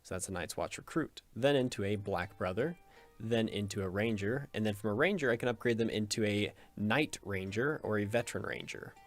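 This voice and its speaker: A man's voice: fairly low pitch, brisk, faint music behind. A man hosting a gaming video in casual let's play commentary, joking and rambling, often cutting himself off with a chuckle.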